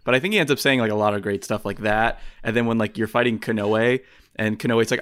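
A man in casual podcast chat, talking in a quick, eager way. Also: lowish voice, fairly bright tone, smooth. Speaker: podcast panelist.

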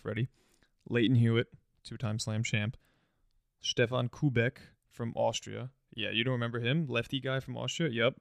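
A man co-hosting a sports podcast in casual chat, relaxed and teasing, often starting his lines with "um". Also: medium pitch, creaky, no echo, clean studio sound. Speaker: podcast co-host.

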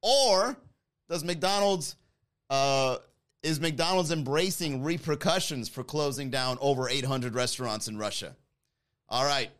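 A man's voice: medium pitch, measured pace, a bit bright. A man streaming casual comedic commentary on the news, jokey and rambling. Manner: jokey, rambling, laughs often.

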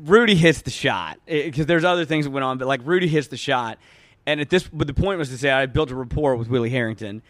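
A man in his thirties spins a rambling, animated story on a podcast, his voice sitting at a mid pitch. He stacks up fillers and restarts, then jumps into louder voices for the people he quotes. The sound is dry and close, with no room echo. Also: quick pace. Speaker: podcast guest. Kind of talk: casual storytelling.

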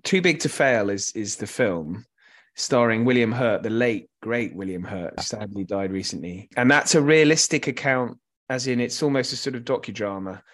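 A man talks through a film in a relaxed podcast chat, circling back and restarting his thoughts as he goes. His voice sits at a middle pitch. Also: normal speed. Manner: rambling with many restarts. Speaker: film club co-host. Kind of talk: casual film discussion.

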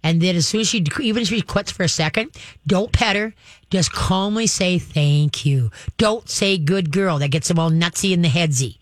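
A man hosting a call-in radio show, giving folksy, animated dog-training advice to callers. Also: high-pitched, brisk, dry recording, studio quality. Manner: folksy, animated, acts out dogs and owners.

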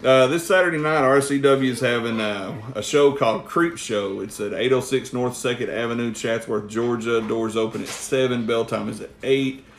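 A man's voice: mid-range voice, moderate pace, few pauses, a little hiss or hum. A man telling rambling, profane stories with lots of laughter on a casual podcast. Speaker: guest storyteller. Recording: roomy echo.

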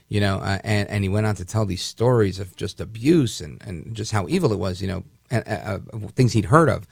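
Talk radio guy ranting, low gravelly voice, dry close sound, keeps restarting. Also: expressive, a little fast, hardly any pauses, no room sound. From Puerto Rican heritage, raised in the northern US. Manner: indignant, rambling, often restarts. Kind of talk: syndicated talk radio monologue.

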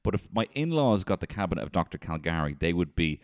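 A man telling an animated, sweary comedy story and breaking into shouted impressions. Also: low voice, fast, few pauses.

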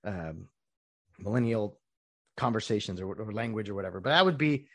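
A man's voice: fairly low pitch, moderate pace. A man hosting a casual solo podcast. He is opinionated and rambling, with mocking asides. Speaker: podcast host.

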